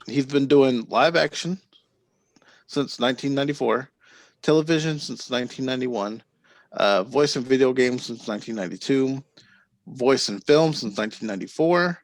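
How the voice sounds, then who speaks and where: In a relaxed podcast conversation, a man co-hosting the show spins meandering stories, laughing easily along the way. His voice sits in the mid range, with no echo on the recording.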